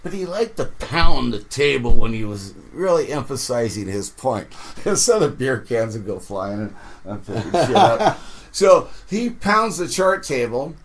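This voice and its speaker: A fishing captain telling rambling, animated stories in a podcast interview. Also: male voice, mid-range voice, measured pace.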